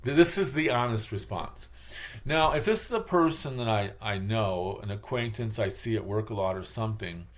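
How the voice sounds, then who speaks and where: A man's voice: on the low side, animated, moderate pace. A man from Michigan with a Michigan accent, rambling in a casual, digressive monologue and acting out the voices he quotes. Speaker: channel host.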